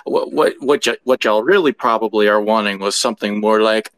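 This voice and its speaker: A man's voice: fairly low pitch, fairly quick, hardly any pauses, fairly bright tone, no room sound, low-quality recording. A man chatting casually as a guest in an online audio room, hesitant and self-deprecating, with many fillers. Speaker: guest speaker.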